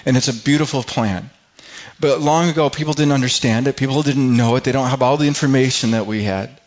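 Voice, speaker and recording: A middle-aged pastor delivers a sermon at a mid-range pitch, stumbling and repeating words before pushing into emphatic, rising runs. The recording sounds a little dull and muffled. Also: male voice. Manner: halting, repeats words while building to emphatic peaks.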